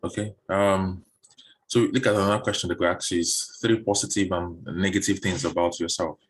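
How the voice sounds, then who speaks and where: Low, husky-voiced man coaching on a call. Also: normal speed. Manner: relaxed, repeats words while thinking. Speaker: interview coach. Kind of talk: online Q and A session. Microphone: video call.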